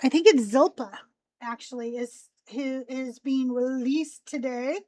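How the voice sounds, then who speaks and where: A woman's voice: high voice, unhurried, darkish tone, no echo. A woman hosting a live call-in show, chatting casually in a rambling way with a youthful, teen-like voice. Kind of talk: casual live-stream chat.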